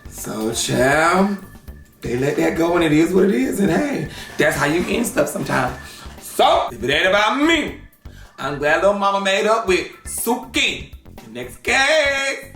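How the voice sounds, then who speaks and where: A man hosting a gossip reaction show, sassy and animated, with drawn-out exclamations. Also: high-pitched, vocal fry, reverberant, faint music behind. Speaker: gossip commentary host. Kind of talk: reaction commentary.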